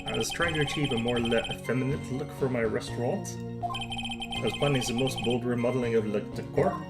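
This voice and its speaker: A streamer voicing a flamboyant middle-aged male French restaurateur from a video game, using a clumsy put-on French accent with French words mixed in and a slow, pompous delivery. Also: mid-range voice, expressive, natural voice. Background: loud game music.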